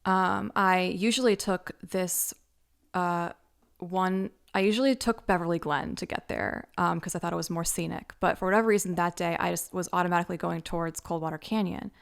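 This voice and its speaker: A woman's voice: fairly low pitch, steady tone, moderate pace, vocal fry, clean tone. A woman casually telling a personal story, chatty and loose, with lots of "like" and "um" fillers. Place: Los Angeles.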